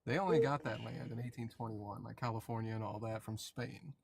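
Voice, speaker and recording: A man's voice: mid-range voice, brisk, gravelly, darkish tone, breathy edge. Assertive man arguing on a debate panel. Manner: assertive, piles on facts and figures. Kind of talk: casual debate argument.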